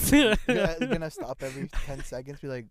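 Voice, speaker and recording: A man's voice: on the high side, big pitch swings, moderate pace, crowd noise. A sleep-deprived young man co-hosting a casual podcast, rambling playfully and laughing often. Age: young adult. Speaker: podcast co-host. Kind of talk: casual chat.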